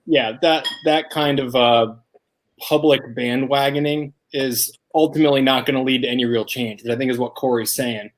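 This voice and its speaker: A man calling into a talk show, speaking in a measured, articulate way with a wry edge. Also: mid-range voice, steady tone. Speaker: caller. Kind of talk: casual conversation.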